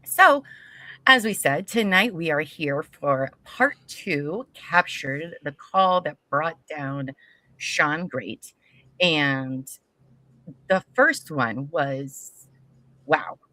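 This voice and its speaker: A low-pitched woman, co-hosting a casual podcast. Her voice is bright and pointed, and she bounces quickly through teasing banter. The recording is close and dry. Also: expressive, dry recording. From US Midwest. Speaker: podcast co-host.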